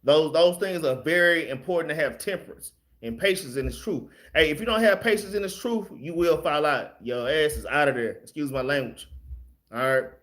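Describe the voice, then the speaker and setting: A man's voice: on the high side, moderate pace, fairly bright tone. A man teaching a casual Bible study, plain-spoken and loose, often ending his phrases with "man" and letting slip some mild swearing.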